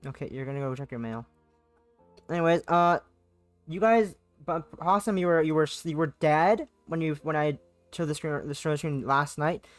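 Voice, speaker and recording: A woman's voice: low-pitched, moderate pace, no room sound, soft background music. A young adult woman live streaming a visual novel, reading it aloud and chatting in a playful, rambling way that repeats itself and slips into sing-song bits. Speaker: game streamer.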